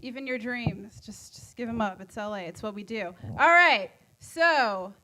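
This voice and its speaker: A woman's voice: on the high side, normal speed, pushed and bright. Giggly, rambling woman doing stand-up. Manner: rambling, giggly, self-deprecating. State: high on edibles. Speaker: open mic comedian. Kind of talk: stand-up comedy set. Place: comedy club stage.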